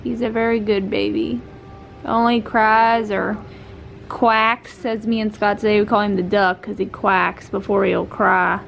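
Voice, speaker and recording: A woman's voice: medium pitch, level tone, unhurried, creaky, fairly bright tone, slight background noise. A young woman, a new mother, chatting casually to her vlog camera, rambling with many fillers.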